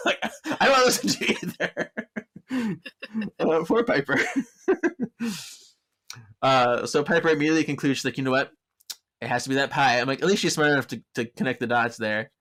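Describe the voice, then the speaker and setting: A man's voice: mid-range voice, a little fast, long pauses, fairly bright tone. A man hosts a podcast in an easygoing recap style. He laughs often and briefly acts out characters' lines as he goes. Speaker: podcast host. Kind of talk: casual recap of a story episode.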